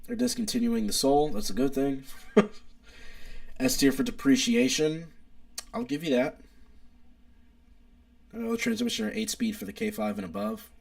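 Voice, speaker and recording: A man's voice: on the high side, vocal fry. A young man, hosting a casual live stream, opinionated and rambling as he reads chat aloud. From United States.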